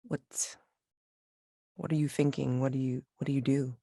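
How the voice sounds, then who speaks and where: A woman narrates a tabletop game as game master, slowly and hesitantly, often restarting her sentences. Her voice is very low and husky. The sound is dry and close. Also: steady tone, mellow, dry recording.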